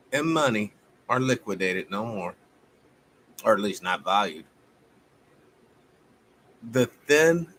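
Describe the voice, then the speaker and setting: With light background noise behind him, a live-stream host preaches a heated, expletive-filled monologue, alternating between booming eruptions and low, grumbling asides.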